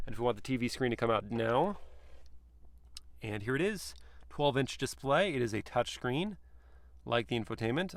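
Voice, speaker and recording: A man's voice: medium pitch, gravelly, no room sound. A man giving a casual, playful review from the back seat of a car, chatting and joking to himself as he goes.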